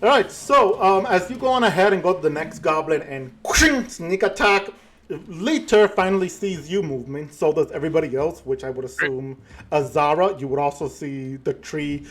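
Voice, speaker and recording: A man narrating a tabletop game as game master, halting and full of fillers and self-corrections. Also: fairly high pitch.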